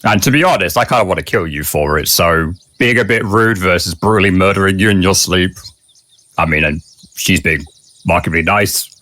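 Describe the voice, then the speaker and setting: A man's voice: sits low, fairly quick, sharp tone. A man playing a tabletop game, talking in a blunt, dry way. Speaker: player.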